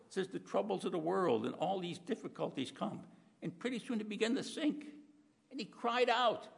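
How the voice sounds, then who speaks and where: A man preaching a sermon in a folksy, conversational way, often clearing his throat. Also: high voice, a bit bright, big-room sound.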